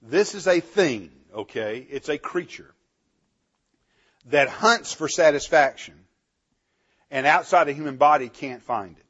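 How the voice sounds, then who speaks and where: A man teaching a Bible class, animated, asking the class questions and chuckling often, on a dull lo-fi recording. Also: on the high side, a little slow, pauses often, slightly rough.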